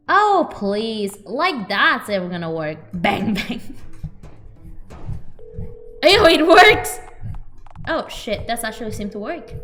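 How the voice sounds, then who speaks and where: A high-voiced woman streamer reacting to a dating game, giggly and flustered, swearing now and then. She talks slowly but swoops all over her range, with faint music playing under her. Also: pushed and bright. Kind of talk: casual game stream, reading dialogue aloud.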